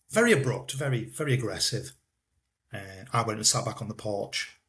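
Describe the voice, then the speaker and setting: A man, telling his own life story in an interview, halting and repeating himself, often trailing off quietly. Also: fairly low pitch. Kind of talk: personal storytelling in a podcast interview.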